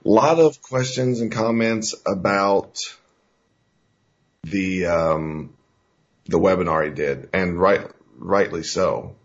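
A man's voice: sits low, slow pace, long pauses. A man hosting a talk radio show, talking in an emphatic, folksy, rambling way with fillers. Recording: dull lo-fi radio recording.

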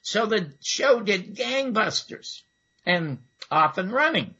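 Lively, bright-voiced man telling stories. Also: high voice, takes it slowly, husky, highs cut off. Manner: rambling, with fillers and lively asides. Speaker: guest storyteller. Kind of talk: casual anecdotal storytelling.

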